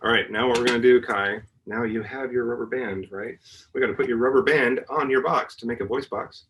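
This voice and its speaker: At a family home, a man who is a university professor patiently guides children through a hands-on science demonstration, singing notes and making vocal sounds to show how they work. His mid-range, slightly bright voice is fairly even and a little fast, and the recording quality is low.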